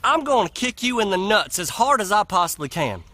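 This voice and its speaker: A man's voice: sits high, big pitch swings, a little fast, sharp tone, full character voice. A man voicing a grouchy, stubborn older male farmer who talks bluntly. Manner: blunt and unbending.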